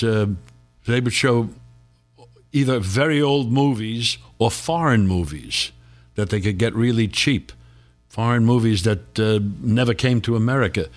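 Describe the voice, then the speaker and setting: Older man, low voice, chuckling storyteller. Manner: rambling storyteller, chuckles often. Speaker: guest actor. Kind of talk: casual reminiscing interview.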